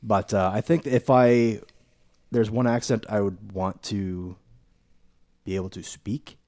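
A man with a lowish voice speaking in a casual podcast chat, measured and a little wry. He pauses on filler uh's, and the recording is dry and close. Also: steady tone, warm tone, no echo.

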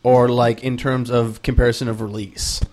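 A man's voice: mid-range voice, little pitch movement, normal speed, darkish tone. A man co-hosting a podcast, speaking casually and restarting his sentences often. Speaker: podcast co-host.

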